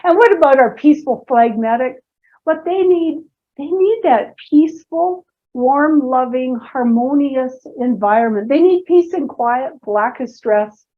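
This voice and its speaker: A woman's voice: high-pitched, expressive, unhurried. A woman presenting a seminar talk, telling playful personal stories with asides to the audience. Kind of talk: humorous storytelling seminar talk. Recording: dull lo-fi lecture recording.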